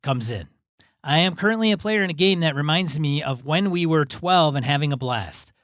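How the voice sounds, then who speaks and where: A man's voice: on the high side, animated, fairly bright tone, dry recording. Male podcast co-host, easygoing reader with chatty asides, dry close recording. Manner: easygoing, reads in measured chunks with asides. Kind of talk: casual chat, reading a listener email aloud.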